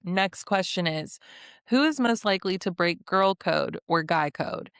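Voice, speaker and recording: A woman's voice: on the low side, measured pace, fairly bright tone, clear, resonant tone, no room sound, clean studio sound. A young woman giving a sassy, casual recap of a reality show, with blunt opinions and laughing asides. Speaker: recap vlogger.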